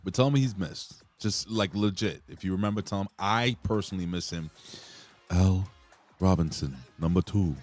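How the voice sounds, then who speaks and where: A man co-hosting a wrestling podcast in casual chat, loud and jokey, swearing as he reads out viewer comments. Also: low-pitched, normal speed, soft background music. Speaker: podcast co-host reading chat.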